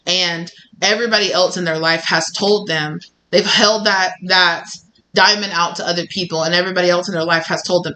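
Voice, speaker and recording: A woman with a bright, sharp voice pitched a bit low gives a loose, chatty tarot reading. She rambles with lots of fillers and slips into quick acted-out quotes of what people say. Her delivery stays casual and unscripted throughout. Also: steady tone, low-quality recording. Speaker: tarot reader.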